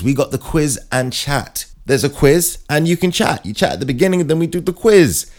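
A man, chatting in a casual comic monologue, self-mocking and animated. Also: on the high side, a little fast, few pauses. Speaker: vlogger.

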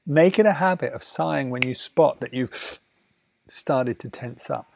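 Slow gravelly man guiding relaxation. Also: a little high, lively intonation, no room sound. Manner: slow, soothing, drifts between soft murmurs and louder asides. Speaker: wellness teacher. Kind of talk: guided talk on breathing and relaxation.

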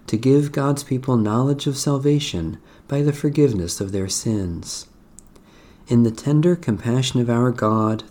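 Solemn man reading prayers, mellow voice. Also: mid-range voice. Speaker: liturgical reader. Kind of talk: slow liturgical reading of prayers and scripture.

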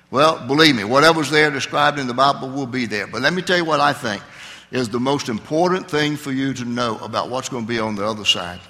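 A man preaching a sermon as a pastor, earnest, slowing down to stress key words. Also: mid-range voice, sharp tone, in a large hall. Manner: earnest preaching with slow emphatic stresses and fillers.

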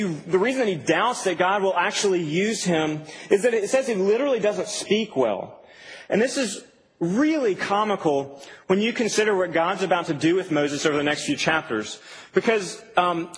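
A young adult man preaching a sermon in a casual, animated, humorous way in a church hall. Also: high-pitched. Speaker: pastor. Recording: reverberant hall, faint ambient noise.

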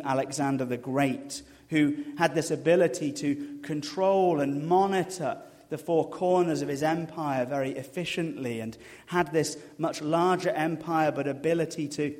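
A man preaching a sermon as a pastor, an animated storyteller who drops to a hush for emphasis. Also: fairly high pitch. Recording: long reverb of a hall.

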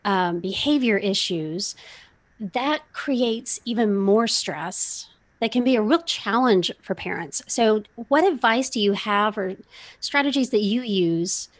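A middle-aged woman hosts the conversation at a mid-range pitch. She talks things through in a thoughtful, measured way and builds her questions carefully. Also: animated. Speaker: podcast host. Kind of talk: casual interview conversation.

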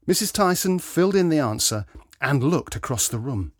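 A man reading a story aloud with gentle expression. His voice moves through a lively, animated range with a slightly husky grain. The sound is close and dry. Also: fairly high pitch, normal speed, dry recording. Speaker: narrator.

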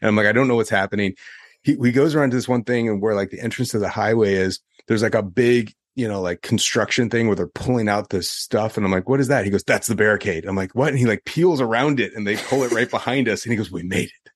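A young man co-hosting a podcast, telling a story in a casual, animated way and acting out the quotes. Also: lowish voice, quick pace, hardly any pauses, no room sound, clean studio sound. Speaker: podcast co-host.

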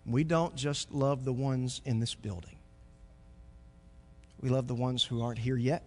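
A pastor preaching a sermon, moving from quiet reflection to loud, joking stretches. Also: male voice, medium pitch, fairly even intonation, a little slow, big-room sound.

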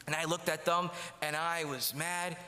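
A man's voice: a little high, flat delivery, moderate pace, sharp tone, slight background noise. A man giving a sermon testimony in a church, telling his story and acting out the dialogue. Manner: storytelling, acts out quoted dialogue. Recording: long hall reverb.

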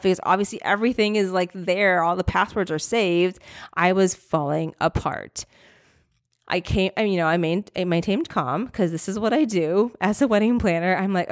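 A young adult woman hosting a podcast, telling a story in a rambling, animated way with many fillers and self-corrections. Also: on the low side, moderate pace, no room sound, clean studio sound. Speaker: podcast host. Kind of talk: casual storytelling.

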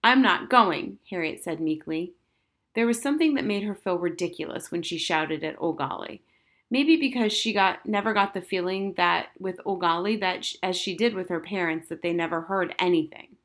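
A woman reads a children's novel aloud in a clear storytelling manner. Her voice sits a little low for a woman. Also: moderate pace. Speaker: narrator. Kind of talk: audiobook reading of a children's novel.

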